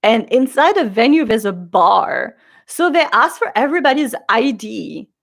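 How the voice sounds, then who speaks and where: Young woman vlogger, casual storyteller, lively high voice that swings widely when she quotes people. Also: moderate pace, vocal fry. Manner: animated, acts out quotes with big pitch jumps.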